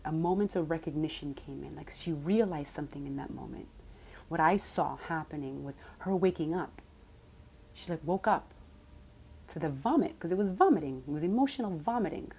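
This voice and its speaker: Woman coach, low mellow voice, animated storytelling with soft whispered asides, faint noise behind. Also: fairly quick, husky. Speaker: spiritual coach. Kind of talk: casual monologue.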